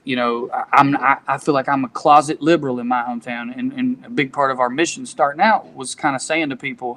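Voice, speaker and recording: A man's voice: mid-range voice, fairly even intonation, fast talker, hardly any pauses, fairly bright tone. A man in his thirties from East Tennessee with a local accent, chatting candidly as a comedian guest and telling stories in folksy quotes. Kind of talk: casual podcast chat.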